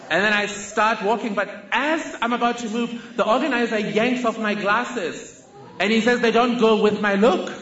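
A woman, telling a personal story in a measured, deliberate way. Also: on the high side, fairly bright tone, roomy sound, muffled recording. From South Africa. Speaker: speaker telling her life story.

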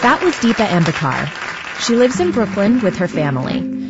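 A woman radio host giving a calm, measured scripted outro. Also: mid-range voice. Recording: muffled radio mix over music and crowd.

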